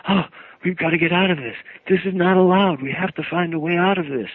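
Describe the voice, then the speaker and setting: Shrill panicky little creature, as a man puts it on over a phone line. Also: steady tone, fairly quick, slightly rough, no room sound. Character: small frightened male creature with talons. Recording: phone-line radio call.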